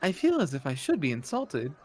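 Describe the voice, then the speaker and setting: A man's voice: fairly high pitch, huge pitch swings, quick pace. A man voicing a polite adventurer who is new to the region, speaking formally and apologetically.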